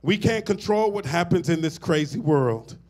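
High-voiced pastor preaching. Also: male voice, lively intonation, moderate pace, a little mellow. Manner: preaching with rising, swelling emphasis and call-and-response asides. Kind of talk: sermon.

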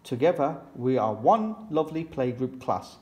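A man's voice: medium pitch, sing-song, normal speed, darkish tone, lightly acted. Madame Gazelle, a man reading a kindly gazelle teacher.

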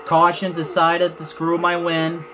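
A man's voice: on the high side, monotone, measured pace, pushed and bright, slight background noise. A young man hosting a racing game let's play, talking to viewers and repeating his frustration as he races. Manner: frustrated, repetitive, talks to viewers. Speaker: gaming channel host.

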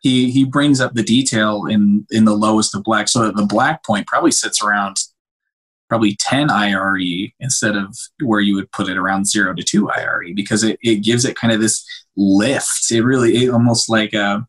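A young man, a cinematographer, chatting casually on a podcast in an animated, emotional way with many restarts. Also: on the low side, normal speed, husky. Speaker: cinematographer guest.

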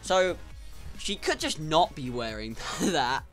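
A young man giving casual, sarcastic gameplay commentary, swearing and breaking into sudden loud outbursts. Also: a little high, very animated, takes it slowly, faint music behind. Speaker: gaming YouTuber.

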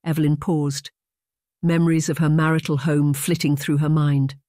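Steady audiobook narrator, dry close sound. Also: medium pitch, normal speed, no echo. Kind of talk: scripted narration.

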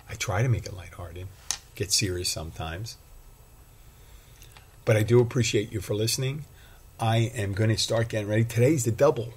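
A man's voice: lowish voice, darkish tone, a little hiss or hum. A male bartender hosting his own podcast, talking alone in a rambling, self-deprecating way. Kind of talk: casual solo monologue.

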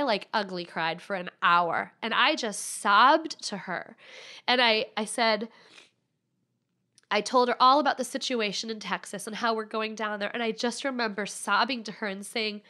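A woman's voice: mid-range voice, normal speed, sharp tone. A woman in her thirties, a podcast guest candidly telling a personal story.

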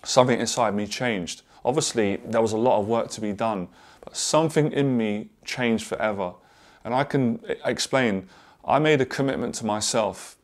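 A confidence coach speaks to camera in a fairly low voice, open and earnest about his past. He often stops and restarts mid-thought, sounding unscripted and sincere. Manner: earnest and candid, halting with frequent restarts. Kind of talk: personal story told to camera.

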